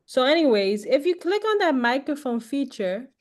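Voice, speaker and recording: A woman's voice: high voice, very animated, moderate pace. A woman teaching a casual online class on phone features, chatty and loose, with lots of fillers and little check-ins like "right?". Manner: chatty, repeats herself, many fillers and "right?". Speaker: class instructor.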